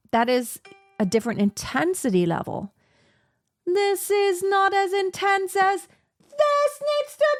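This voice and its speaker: Slow-speaking woman vocal coach. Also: medium pitch, dry recording, studio quality. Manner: explains steadily, then sings scales on syllables. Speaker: singing teacher. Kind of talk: vocal lesson with sung demonstrations.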